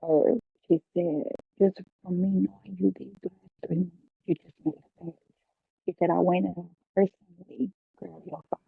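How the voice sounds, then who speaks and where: Gravelly woman telling her story. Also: on the low side, steady tone, moderate pace, no room sound. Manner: storytelling, preacherly, heartfelt. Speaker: podcast guest. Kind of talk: emotional personal testimony. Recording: phone-like, dry.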